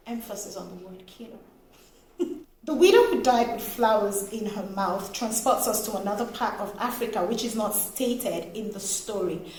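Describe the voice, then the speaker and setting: A woman from Nigeria talks through a book review in a lively, expressive way, laughing now and then. Her voice sits at an ordinary middle pitch. The room around her sounds echoey, with a faint hiss underneath. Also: normal speed. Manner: animated, expressive, laughs often. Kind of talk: casual book review vlog.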